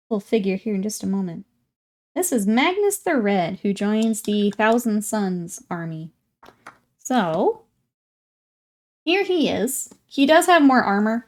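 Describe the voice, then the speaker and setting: A young woman talks casually to her live-stream audience while she paints miniatures. She keeps up a chatty back-and-forth with viewers, breaking into laughs and welcoming newcomers. Her voice sits at an ordinary middle pitch. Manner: chatty, laughs often, greets chat warmly.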